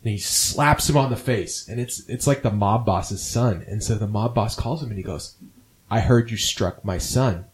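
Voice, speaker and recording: A man's voice: fairly low pitch, moderate pace, hardly any pauses. A man co-hosting a casual movie review podcast, rambling and restarting often as he talks. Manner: rambling, many restarts and fillers. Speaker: podcast co-host.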